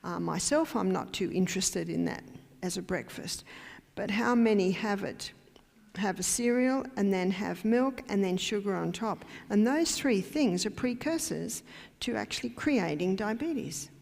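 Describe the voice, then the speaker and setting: A woman's voice: medium pitch, measured pace, vocal fry, darkish tone. An Australian woman giving a health lecture in a church hall, emphatic and quizzing her audience with questions. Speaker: health educator. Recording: long hall reverb.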